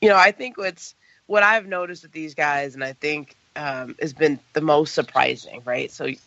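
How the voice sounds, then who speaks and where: Female co-host, gravelly edge, conversational, dry and slightly dull recording. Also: sits low, normal speed, a bit bright, no echo. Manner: chatty, lots of "like" and "right?". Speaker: podcast co-host. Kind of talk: casual sports talk.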